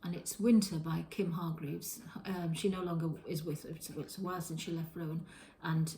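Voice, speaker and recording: Her low-pitched, dark voice keeps fairly even intonation at a moderate pace. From her home kitchen she hosts a knitting podcast, rambling through show-and-tell with frequent restarts and self-corrections. The rough recording is reverberant, with slight hiss or hum.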